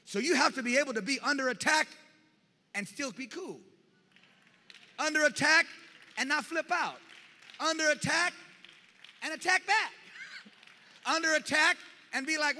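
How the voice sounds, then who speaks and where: A male pastor preaching a lively sermon to his church, often shouting and acting out scenes from the Bible. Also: very high voice, moderate pace, long pauses. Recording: reverberant church hall.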